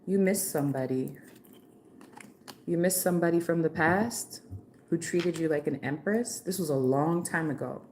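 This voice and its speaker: Reading tarot live for her audience, a woman speaks at a moderate pace in a lowish, slightly mellow voice. She's playful and slangy, saying "like" and "okay" constantly, while faint hiss sits in the background.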